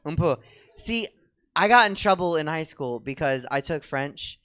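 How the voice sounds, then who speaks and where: Fairly high-pitched and expressive, his voice has a sharp, clean tone at normal speed. He's co-hosting a comedy show, talking with the theater audience in a rambling, self-deprecating stand-up style.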